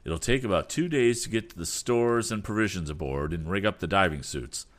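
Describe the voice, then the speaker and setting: Man reading as a measured elderly inventor. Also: deep voice, lively intonation. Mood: sober. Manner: measured, sober. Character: calm elderly inventor father.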